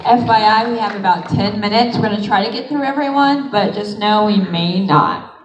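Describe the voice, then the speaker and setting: A woman moderating a convention panel, briskly telling the room how much time is left. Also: medium pitch, lo-fi sound, noisy background. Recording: distant voice in echoey hall with crowd.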